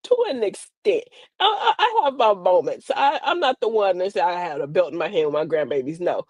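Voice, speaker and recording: An older woman, a grandmother, hosting a livestream and telling sassy, funny stories about parenting in a casual, animated way. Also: lowish voice, a little fast, dry recording. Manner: animated, sassy storytelling with laughs. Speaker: livestream host. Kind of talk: casual comedic livestream monologue.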